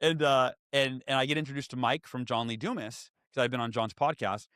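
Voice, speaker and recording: A man in his forties telling stories as a podcast guest and author, lively and acting out what others said. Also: medium pitch, fairly quick, smooth, no room sound, clean studio sound. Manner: animated, acts out quoted voices. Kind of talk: storytelling in conversation.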